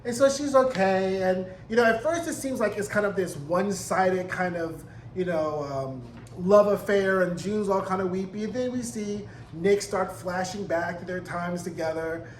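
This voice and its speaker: Man, high voice, sassy, profane, animated TV recap, echoey room, faint hiss. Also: normal speed. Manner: animated, profane, sassy, acts out character quotes. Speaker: TV recap reviewer. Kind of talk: casual episode recap and commentary.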